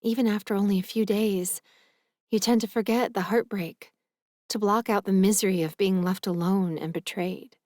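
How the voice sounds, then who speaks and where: A woman narrating a romance audiobook in the first person, earnest and gentle. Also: medium pitch, steady tone, normal speed, dry recording, clean studio sound.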